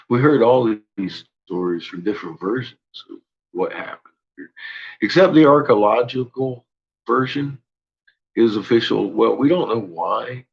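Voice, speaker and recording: Gravelly, profane man rambling. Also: lowish voice, a little slow, lo-fi sound. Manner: profane, rambling, laughs often. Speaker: channel host. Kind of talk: rambling solo monologue.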